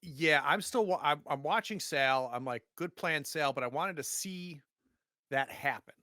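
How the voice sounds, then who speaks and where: A man with a bright, forceful, fairly high voice plays in a tabletop game. His voice is recorded dry and close, and he chats casually with quick in-character asides. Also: dry recording. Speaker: player.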